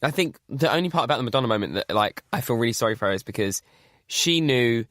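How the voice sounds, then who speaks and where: Male podcast host, chatty, lots of "like", mid pitch, dry studio sound. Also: lively intonation, fast talker, a bit bright, no echo. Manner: chatty, says "like" often. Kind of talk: casual chat.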